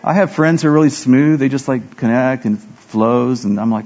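A man's voice: medium pitch, fairly quick, hardly any pauses, a little mellow, dull audio. A man preaching a sermon as pastor, telling self-deprecating stories and acting out the dialogue.

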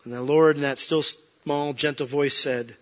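A man preaching a sermon as a pastor, earnest, swinging between emphatic peaks and soft, quiet moments. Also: on the high side, fairly even intonation, measured pace, lo-fi sound.

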